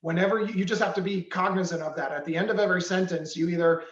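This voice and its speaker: A man teaching real estate agents about tone of voice, animated and acting out examples. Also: sits high, fast talker, reverberant, muffled recording. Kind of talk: coaching talk with examples.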